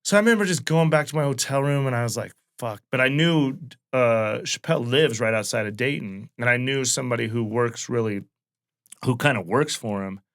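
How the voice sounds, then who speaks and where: A man's voice: mid-range voice, fairly quick, fairly bright tone. A man in his late thirties, a comedian from Wyoming, telling a loose, profane anecdote in a casual podcast chat. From Wyoming, USA. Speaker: guest comedian. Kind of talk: casual storytelling.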